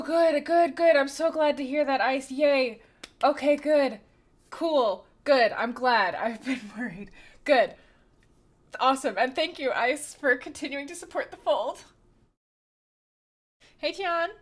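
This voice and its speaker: A woman's voice: sits high, takes it slowly, long pauses. A woman livestreamer chatting casually and greeting her viewers by name, giggling often.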